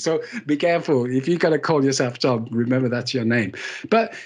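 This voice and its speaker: A man's voice: mid-range voice, a little fast. A man giving a live leadership talk to an audience, telling stories with self-deprecating humour and repeating key words for emphasis. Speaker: keynote speaker.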